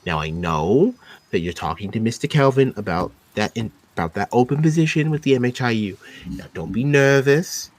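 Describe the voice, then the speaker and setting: A man's voice: mid-range voice, expressive, moderate pace, dry recording, lightly acted. A man voicing a fussy, chatty woman desk clerk who gushes and bosses. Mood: bossy. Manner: gushing, bossy, doting.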